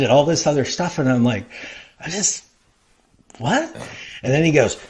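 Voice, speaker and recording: A middle-aged man, a guest in an interview, telling long stories in a loose, animated way full of fillers. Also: medium pitch, moderate pace. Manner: rambling, animated anecdote telling with many fillers. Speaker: interview guest, wrestling creative. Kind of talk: casual storytelling interview.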